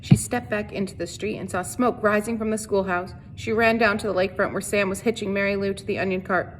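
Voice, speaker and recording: A woman reading a novel aloud as a teacher, in a steady storytelling voice with small slips and restarts. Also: mid-range voice, quick pace, a little hiss or hum.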